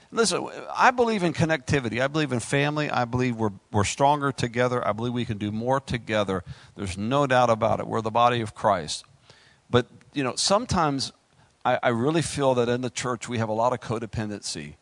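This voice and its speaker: Man, pastor, sermon, animated preaching, mid-pitched voice, dry close mic. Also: brisk, dry recording. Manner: animated preaching, rising to high exclaims.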